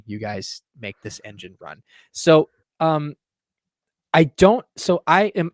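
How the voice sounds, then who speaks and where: Male podcast host, animated banter, dry studio voice. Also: medium pitch, no room sound. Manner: animated, laughs often, quick asides. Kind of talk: casual chat.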